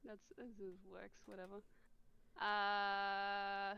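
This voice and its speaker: A woman's voice: medium pitch, flat delivery, slow, fairly bright tone, clear, resonant tone, dull audio. Giggly woman reading aloud with jokes. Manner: reads dialogue in mock accents, giggles often. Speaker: co-host reading a novel aloud. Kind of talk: casual reading with comic commentary.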